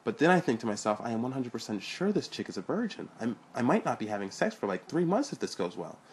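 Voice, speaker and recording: A man voicing an excitable, boastful young man who talks in high, emphatic bursts, with a husky voice. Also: quick pace, slight background noise, close to an everyday voice.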